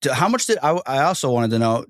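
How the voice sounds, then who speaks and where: A man's voice: mid-range voice, big pitch swings, quick pace, no echo, studio quality. A man from the United States hosting an interview podcast, rambling and repeating himself with lots of "like". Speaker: podcast host. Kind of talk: casual interview chat.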